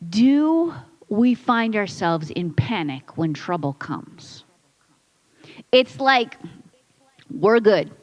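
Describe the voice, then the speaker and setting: A woman's voice: mid-range voice, big pitch swings, drawn-out words, pauses often, dull audio. A woman pastor preaching a conversational sermon in a church, building points through repetition and quoted asides. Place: church sanctuary.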